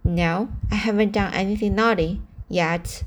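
A woman reading aloud and voicing a small, earnest, mischievous boy who pleads and confesses in a hurried way. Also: medium pitch, fairly even intonation, lightly acted.

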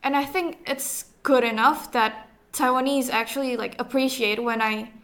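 A young woman, a university student guest, chatting on a podcast in a relaxed, casual way with "like" fillers. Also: high-pitched, normal speed. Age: young adult.

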